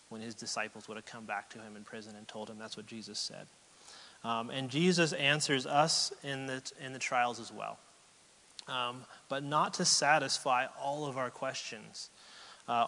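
A man preaching a sermon as a pastor, earnest and halting, often restarting words and getting choked up as he reads scripture. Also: mid-range voice, pushed and bright, long reverb tail, a little hiss or hum, rough recording. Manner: earnest, halting with repeated starts, gets choked up.

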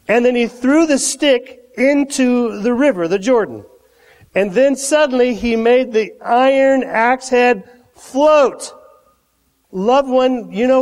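A pastor preaching a sermon, acting out the Bible characters' lines in a lively, conversational way. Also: male voice, very high-pitched. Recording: long hall reverb.

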